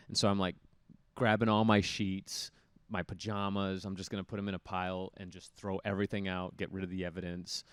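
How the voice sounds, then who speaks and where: A man in his thirties tells stories in a relaxed interview. His voice is smooth and resonant and sits on the low side. He animates his anecdotes by acting out the people in them, recorded close and dry. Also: fairly quick, dry recording. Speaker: guest, former college hockey player. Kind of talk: casual storytelling interview.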